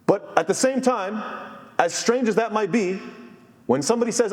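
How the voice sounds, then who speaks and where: A man's voice: high-pitched, expressive, normal speed, darkish tone, big-room sound. A man giving an earnest sermon as imam, quoting scholars in Arabic and then translating. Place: masjid.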